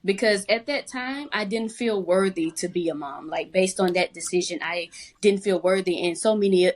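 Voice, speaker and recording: A woman's voice: medium pitch, moderate pace. A young adult woman, a podcast guest, earnestly telling an emotional personal faith testimony.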